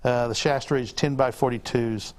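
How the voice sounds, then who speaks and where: A man's voice: medium pitch, fairly even intonation, normal speed, darkish tone. A man hosting an outdoor gear show, chatting casually about binoculars and correcting himself as he goes. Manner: rambling, self-correcting, teasing. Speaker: show host. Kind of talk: casual on-air product chat.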